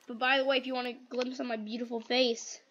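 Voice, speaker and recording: A female host chats casually through her gameplay, rambling to herself while she crafts. Her voice sits fairly high with a bright, forceful edge. The home recording is dull and muffled, with a faint hiss and a television somewhere in the house. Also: little pitch movement, fast talker. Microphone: computer microphone. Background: television playing in the house.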